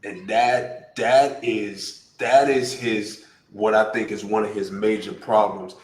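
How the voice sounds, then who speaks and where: A man's voice: on the low side, a little slow, darkish tone. A man co-hosting a casual discussion, thoughtful and restarting his sentences as he works through his points. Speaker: podcast co-host. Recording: echoey room.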